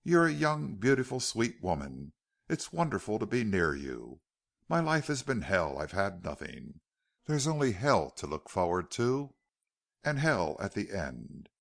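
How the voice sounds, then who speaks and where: A male narrator voicing a bitter, mocking outlaw leader who talks low and hard in an audiobook. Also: big pitch swings, unhurried, gravelly, heavily acted.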